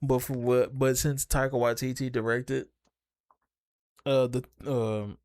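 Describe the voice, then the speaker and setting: A man with an average-pitched voice banters with his co-host, joking in slang and laughing often. The recording is dry and close. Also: level tone, takes it slowly, darkish tone, no echo. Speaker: podcast co-host. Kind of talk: casual podcast banter.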